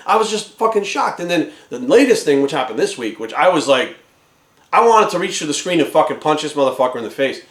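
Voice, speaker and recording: A fitness trainer ranting angrily at the camera, swearing constantly and sounding exasperated. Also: male voice, a little high, big pitch swings, fairly quick. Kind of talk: profane ranting vlog. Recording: echoey room.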